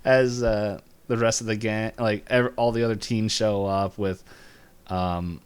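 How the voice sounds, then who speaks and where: A man co-hosting a podcast, casually retelling a cartoon episode, laughing often and jumping up in pitch to act out lines. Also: fairly even intonation, a little slow, smooth. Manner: laughs while retelling scenes, voices lines with jumps in pitch. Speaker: podcast co-host.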